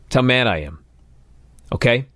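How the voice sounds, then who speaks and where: A man's voice: mid-range voice, expressive, moderate pace, bright, forceful tone, dry recording, clean studio sound. A man hosting a talk radio show, ranting in a fired-up, exasperated way.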